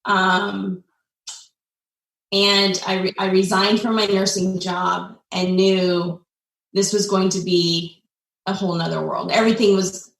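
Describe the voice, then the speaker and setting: A woman in her forties from the United States, telling a personal story as a guest in an earnest, heartfelt way, pausing often with fillers. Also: mid-range voice, flat delivery, creaky. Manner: heartfelt, with frequent pauses and fillers. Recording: echoey room, distant mic.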